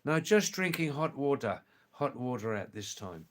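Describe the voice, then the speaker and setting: A man hosting a live stream, chatting with viewers and reading their comments aloud, with an accent between British and Australian English. He speaks slowly, hesitates and repeats his phrases. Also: medium pitch, big pitch swings, slight background noise.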